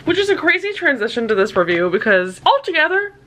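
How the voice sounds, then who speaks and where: A woman's voice: sits high, very animated, fast, fairly bright tone. A young woman casually vlogging about her reading, candid and self-deprecating, with some swearing. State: tearful. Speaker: book vlogger. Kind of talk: casual vlog chat.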